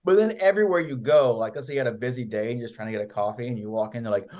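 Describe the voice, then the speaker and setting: A man's voice: medium pitch, racing, few pauses. A man co-hosting a podcast, chatting playfully and telling goofy stories. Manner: animated, playful storyteller. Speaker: podcast co-host. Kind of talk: casual chat.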